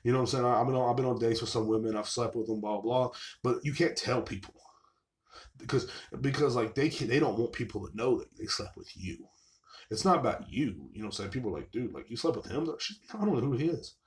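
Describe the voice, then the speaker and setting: A man's voice: mid-range voice, quick pace. A man hosting his own show, venting in a casual, rambling, sarcastic monologue full of profanity. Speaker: show host.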